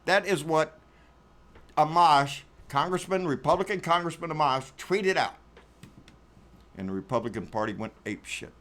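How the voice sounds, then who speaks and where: A man's voice: fairly high pitch, expressive, normal speed, pauses often, a bit bright. Sarcastic, profane man ranting. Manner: sarcastic, profane, emphatic repetition. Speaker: political commentary host. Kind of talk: casual political commentary rant.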